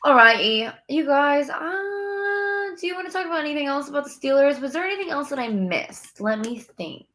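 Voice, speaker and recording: A woman's voice: high-pitched, expressive, moderate pace, a little hiss or hum. A young woman hosting a casual sports live stream from home, bubbly and chatty, talking straight to her viewers. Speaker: sports podcast host. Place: home room near window.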